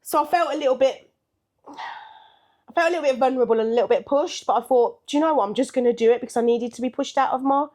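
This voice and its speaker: A woman's voice: high-pitched, fast talker, a little mellow. An older woman, a podcast co-host, telling a story in casual chat with a chatty manner, laughing often and acting out what people said.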